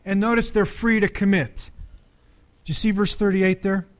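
High-pitched male pastor, conversational sermon delivery, engages congregation with questions. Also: steady tone, normal speed.

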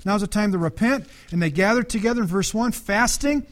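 High-pitched male pastor, conversational sermon delivery, engages congregation with questions. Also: brisk.

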